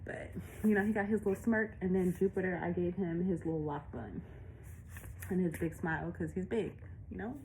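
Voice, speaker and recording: A woman's voice: fairly low pitch, fairly even intonation, a little fast, darkish tone, a little hiss or hum, rough recording. A woman illustrator walking through her picture book in a casual, chatty way, out of breath and laughing often.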